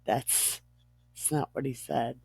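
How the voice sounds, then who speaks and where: A woman's voice: low voice, animated, extremely slow, a little mellow, dry recording. A woman reading the Bible aloud in an irreverent comedic way, giggling and stumbling over words. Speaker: Bible reader.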